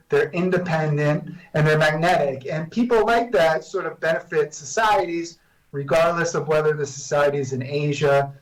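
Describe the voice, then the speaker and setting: A man talking as a guest professor on a video call, measured and explanatory with frequent restarts. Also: on the high side, distant mic, rough recording. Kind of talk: remote interview answers.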